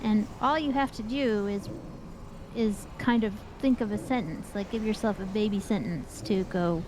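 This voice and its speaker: A woman's voice: medium pitch, normal speed, background noise. A woman chatting casually during a group game session, explaining things at length and laughing often. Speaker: gaming group member. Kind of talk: casual chat while gaming.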